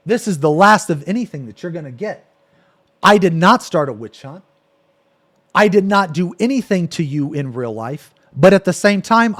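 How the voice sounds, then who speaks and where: A male streamer ranting angrily on a live stream, cursing and repeating himself as he reacts to a clip. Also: a little high. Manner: angry, profane, repetitive ranting.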